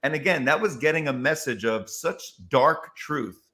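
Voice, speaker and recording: A man, a comedian, telling stories in an interview with emphatic, expressive delivery that acts out quotes. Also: fairly high pitch, normal speed. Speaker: comedian guest. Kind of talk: animated interview storytelling.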